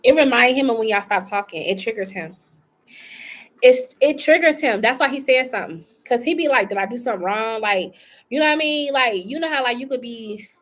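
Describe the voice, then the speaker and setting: Chatty woman tarot reader on a live stream. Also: a little high. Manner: chatty, colloquial, talks to chat as "y'all" and "love". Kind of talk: casual live-stream chat. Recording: faint background noise.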